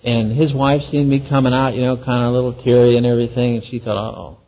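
A man's voice: mid-range voice, level tone, quick pace, slight background noise. A man telling a personal faith testimony in an earnest, folksy way, acting out the voices of the people in his story. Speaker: Christian speaker giving a testimony. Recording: dull lo-fi recording.

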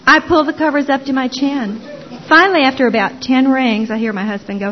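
A woman telling her personal testimony as a former Jehovah's Witness, expressive and dramatizing the story with little voices. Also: high voice, a little fast, a little hiss or hum. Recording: dull lo-fi recording.

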